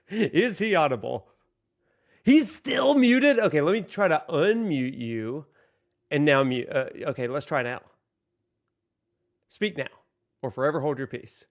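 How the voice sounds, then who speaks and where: A man's voice: a little high, a little slow, pauses often. A man hosting a casual livestream from home, joking, laughing often and chatting directly to his viewers. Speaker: livestream host.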